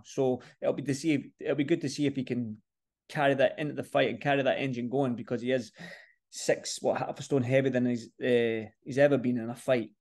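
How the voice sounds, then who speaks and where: A man's voice: mid-range voice, darkish tone. Chatty man previewing a boxing match. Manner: chatty, repeats words and phrases for emphasis. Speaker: boxing vlogger. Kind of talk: casual fight-preview talk to camera.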